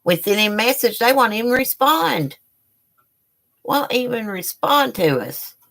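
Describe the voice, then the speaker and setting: A woman's voice: fairly high pitch, animated, measured pace, fairly bright tone. A woman hosting a live stream from home, chatting casually and rambling while she talks to her viewers as y'all. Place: indoors at home.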